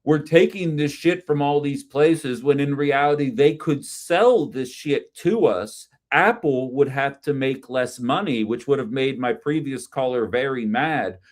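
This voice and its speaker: Blunt, sarcastic male call-in host. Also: mid-range voice. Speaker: host of a call-in political stream. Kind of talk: casual political commentary.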